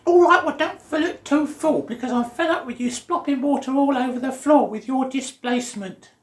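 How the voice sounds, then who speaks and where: A shrill, fed-up mother scolds her son, as a man puts on her voice in falsetto. She sounds exasperated and nagging and is heard in a roomy, echoey space. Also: normal speed. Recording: roomy echo.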